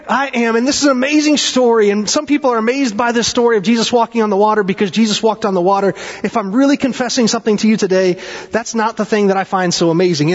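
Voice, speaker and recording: High-voiced male pastor preaching in a hall. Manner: dramatic swings in pitch and pace, conversational asides. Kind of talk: sermon. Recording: dull sound with long hall reverb.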